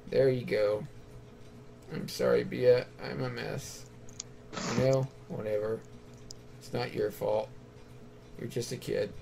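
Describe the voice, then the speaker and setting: A man's voice: mid-range voice, fairly even intonation, slow pace, gravelly, long pauses, dark tone, slight background noise. A man playing through a story game, reading the characters' dialogue aloud and then picking which line to go with. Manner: reads out dialogue choices, then picks one. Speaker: let's play gamer.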